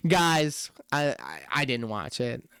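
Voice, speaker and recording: Male reaction streamer, slightly high voice, sarcastic, dry close-mic sound. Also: expressive, moderate pace, a bit bright, clear, resonant tone, no room sound. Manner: sarcastic, laughs often. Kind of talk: casual reaction commentary.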